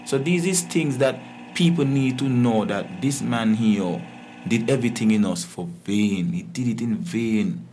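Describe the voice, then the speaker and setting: A man's voice: medium pitch, measured pace, warm tone, soft background music. A man, a guest on a talk show, complaining emphatically, repeating himself and stammering. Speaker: call-in guest. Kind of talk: heated complaint.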